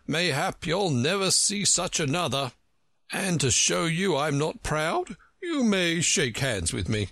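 A man's voice: a little high, big pitch swings, slow, a bit bright, no room sound, clean studio sound, pitched above the performer's own voice, exaggerated voice. A man voicing a pompous, touchy male know-it-all from a storybook who lectures everyone he talks to. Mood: boastful. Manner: self-important, lecturing.

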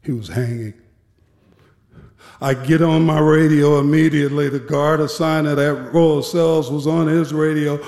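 A man, a former prison guard, telling a personal story in a measured, grave way with deliberate pauses. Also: fairly high pitch, fairly even intonation, creaky, a little mellow. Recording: echoey hall with long reverb.

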